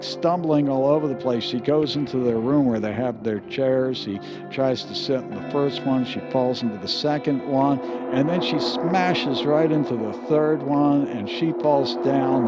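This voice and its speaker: Older man telling a rambling story. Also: mid-range voice. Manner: rambling, casual, chuckling asides. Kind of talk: humorous storytelling.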